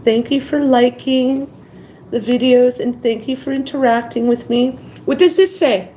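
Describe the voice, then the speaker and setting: A woman's voice: sits high, unhurried, dark tone, slight background noise, rough recording. A tired woman hosting a casual live stream, rambling between topics and reading viewer comments aloud. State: tired after crying.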